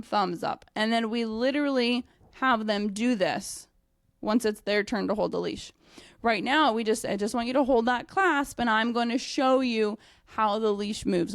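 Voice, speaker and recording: A young adult woman dog trainer talking casually and bluntly about teaching clients, animated and swearing freely. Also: medium pitch, no echo, clean studio sound.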